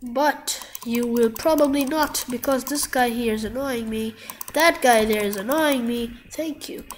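High, sick-sounding excitable gamer woman. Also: measured pace, slight background noise. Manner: excitable, yelps and trash talk at the screen. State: sick, coughing. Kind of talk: live gameplay commentary.

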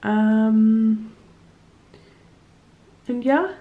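A young woman chatting casually as she narrates her crafting work in a vlog, self-conscious and softly emotional at times. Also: fairly high pitch, extremely slow, phone-quality sound. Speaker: small business artist, vlogger.

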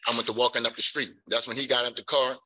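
Bright-voiced middle-aged man. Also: mid-range voice, fairly even intonation, fast, low-quality recording. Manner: rambling, earnest, full of "you know". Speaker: parolee at a hearing. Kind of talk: pleading testimony.

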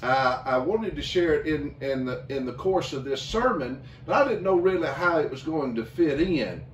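A male pastor leading a communion service, talking slowly with many fillers and restarts. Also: fairly high pitch, expressive, muffled recording, a little hiss or hum. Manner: slow, halting, with many fillers. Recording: echoey room, mic at a distance.

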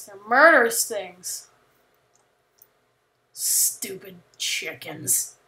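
A woman chatting casually while playing a video game, rambling and joking, with sudden panicked yells. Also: on the high side. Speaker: gamer. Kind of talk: casual gameplay commentary.

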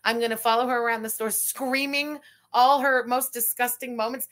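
A woman delivers live reaction commentary in a high, bright, forceful voice. She is profane and mocking and breaks into laughter often. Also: brisk. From Quebec. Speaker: YouTube commentator.

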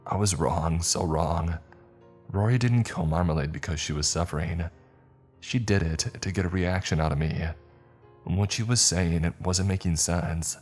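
A man reading a horror story aloud in a measured, dramatic narration. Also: deep voice, darkish tone, soft background music.

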